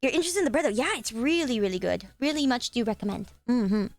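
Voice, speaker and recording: A young woman streamer chatting casually at her desk, swearing freely and breaking into loud joking rants. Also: a little high, expressive, fast, dry recording. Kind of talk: casual live-stream chat.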